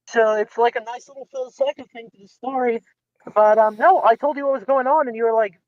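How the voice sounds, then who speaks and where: A man chatting casually as a guest, telling a story with animated acted-out quotes. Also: very high voice, brisk, dry recording, dull audio.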